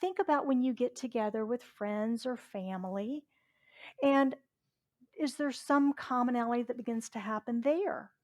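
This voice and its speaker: Her voice is fairly high yet darkish in tone, and she speaks at a moderate pace. As a middle-aged reverend from Southwest Virginia, she gives a chatty sermon in the church sanctuary, questioning the congregation as she goes.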